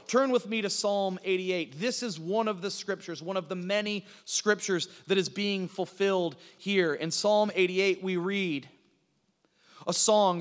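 A man preaching a sermon as a pastor, swinging from emphatic lines to low, hushed ones. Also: long reverb tail.

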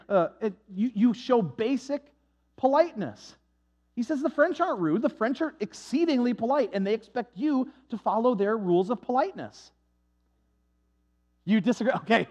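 A man's voice: very high-pitched, expressive, normal speed, a little mellow. A man preaching, reading scripture and then telling a story in a conversational, rambling way. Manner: conversational storytelling with frequent restarts. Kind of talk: sermon with Bible reading and personal story. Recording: dull lo-fi recording.

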